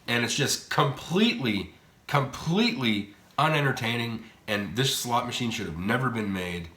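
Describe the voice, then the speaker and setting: A man hosting a slot machine vlog, rambling bluntly and swearing casually as he plays in a casino's high limit room. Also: lively intonation, moderate pace, a bit bright, echoey room. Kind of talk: casual gambling commentary.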